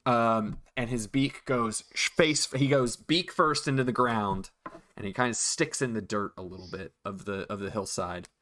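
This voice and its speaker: A man narrating as dungeon master, relaxed, with frequent ums and restarts. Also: lowish voice, moderate pace. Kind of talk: narrating a tabletop game.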